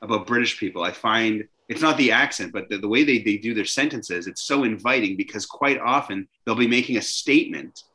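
A man from Canada hosting a talk show, chatting in a lively way with frequent restarts. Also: lowish voice, fairly quick, few pauses. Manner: animated, chatty, many restarts. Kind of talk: casual conversation.

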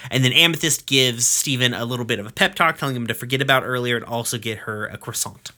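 A podcast host with a medium-pitched, pushed, bright voice casually recaps a cartoon episode. His chatty recap is full of swearing and jokes, with quick acted-out quotes.

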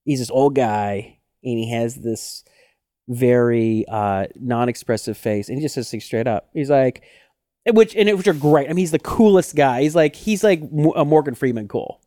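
Animated man telling stories. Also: mid-range voice, normal speed, dry recording, studio quality. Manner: animated storyteller who acts out quotes. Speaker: podcast co-host. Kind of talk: casual chat.

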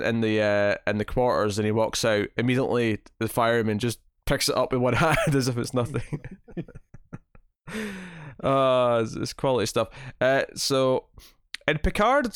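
A man co-hosting a podcast, recapping scenes in a rambling, animated way. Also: mid-range voice, clean tone, no room sound, studio quality. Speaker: podcast co-host. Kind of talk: casual chat.

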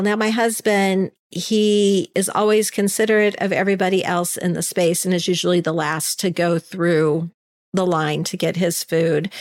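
A woman co-hosting a podcast, telling a story in casual chat and quoting the people in it with animated voices. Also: lowish voice. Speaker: podcast co-host.

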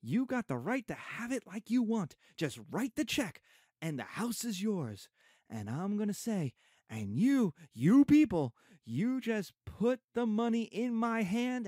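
A proud, desperate young husband, read aloud by a male teacher, pitched high above the reader's own voice and swinging wildly in tone. The delivery is impassioned and raised, in a close, dry sound. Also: a little mellow, no room sound, exaggerated voice. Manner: impassioned dramatic reading, raised voice. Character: desperate bitter young Black man, proud.

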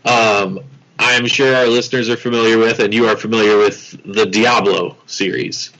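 Male podcast co-host, easygoing storyteller, low bright voice, dull lo-fi recording. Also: steady tone, moderate pace. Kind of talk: casual podcast chat. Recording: dull lo-fi sound.

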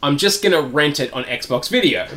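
Lively, rambling male podcast host. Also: fairly high pitch, moderate pace. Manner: rambling storyteller, laughs, swears freely. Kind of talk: casual comedic chat.

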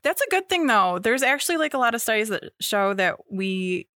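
A woman's voice: fairly high pitch, sing-song, brisk, bright, forceful tone, no echo, studio quality. A young woman co-hosting a podcast, chatting casually with plenty of fillers and restarts. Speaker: podcast co-host. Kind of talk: casual chat.

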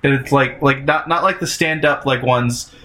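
A man's voice: medium pitch, normal speed, bright, forceful tone. A man in casual chat, recapping a cartoon episode in a rambling way with lots of fillers.

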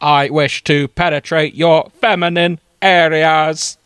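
A man voicing a stiff male alien war machine, speaking slowly and emphatically in a comedic fanfic reading. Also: on the high side, steady tone, a bit bright, smooth, dry recording, studio quality, pitched above the performer's own voice. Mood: intoning.

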